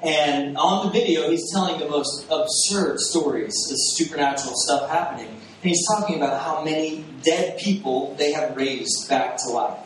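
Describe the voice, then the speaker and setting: A pastor from Texas tells stories in a casual, animated sermon, often breaking into laughter and acting out his own astonished reactions. His fairly high voice rings through a very echoey church sanctuary at normal speed with few pauses. He sounds a bit distant from the mic, with a faint hiss behind him.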